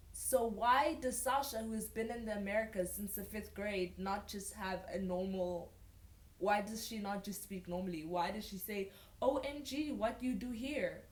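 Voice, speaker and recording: Young woman, deadpan-sarcastic reader, unhurried delivery, roomy sound. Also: medium pitch. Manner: sarcastic, incredulous asides. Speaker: vlogger reading fan fiction aloud. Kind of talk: mocking dramatic reading.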